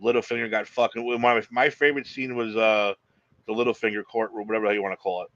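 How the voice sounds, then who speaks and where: A man co-hosting a podcast in casual chat, blunt and excitable, swearing freely. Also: lowish voice, quick pace, dry recording, dull audio. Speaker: podcast co-host.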